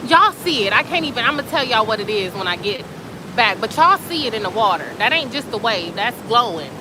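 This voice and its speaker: A woman hosting a casual live stream outdoors by the sea at night, chatting and reading comments in an excitable, slangy way. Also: on the high side, moderate pace. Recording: outdoor phone audio with surf and wind noise. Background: waves and wind.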